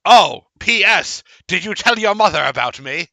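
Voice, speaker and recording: A man voicing a small gray bat-eared ghoul servant, fawning and excitable, in a tabletop game. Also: moderate pace, vocal fry, dry recording, full character voice. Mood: excited. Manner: squeaky, excited, rambling.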